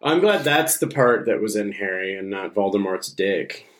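A man co-hosting a casual podcast chat, joking in a deadpan way. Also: on the low side, moderate pace. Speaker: podcast co-host. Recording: echoey room.

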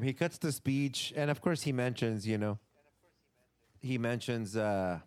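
A man with a mid-pitched voice talking casually on a podcast. He chats loosely and with a lot of swing, cursing and acting out quotes, and his delivery jumps around from line to line. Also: measured pace. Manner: animated, swearing, acts out quotes. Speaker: podcast co-host. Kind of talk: casual wrestling chat.

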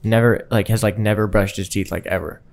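Low-voiced joking podcast guy. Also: steady tone, gravelly, a little mellow. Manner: joking, halting, repeats himself. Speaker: podcast co-host. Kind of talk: casual banter.

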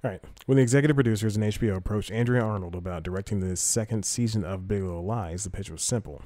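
A man's voice: fairly low pitch, quick pace, dark tone, no room sound. A man hosting a podcast, reading entertainment news aloud and rambling through it with self-corrections and casual asides. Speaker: podcast host.

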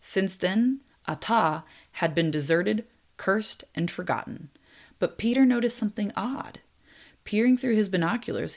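A young woman narrating a true story in a lively way, with apologetic, self-deprecating asides. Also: on the low side, gravelly. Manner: lively, laughs at own slips, apologetic asides.

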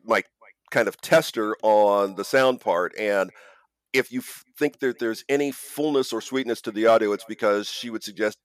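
A man's voice: lowish voice, moderate pace. A man hosting a podcast in casual chat, rambling and joking at himself, with frequent restarts. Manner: rambling, self-deprecating, many restarts. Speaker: podcast host and audio producer.

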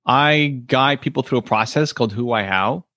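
A man's voice: mid-range voice, normal speed, pushed and bright, no echo. Friendly male guest, dry close sound. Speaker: podcast guest, author. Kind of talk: casual interview answers.

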